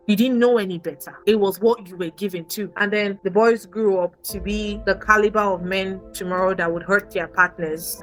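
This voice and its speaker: Emphatic Nigerian woman, bright voice. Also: medium pitch, rough recording. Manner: animated, emphatic, repeats for emphasis. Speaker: podcast guest. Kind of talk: candid personal storytelling.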